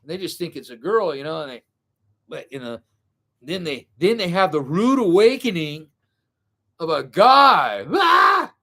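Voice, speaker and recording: A man's voice: fairly high pitch, very animated, measured pace, long pauses, pushed and bright. A middle-aged man telling a story in a rambling, casual way, full of fillers and self-corrections.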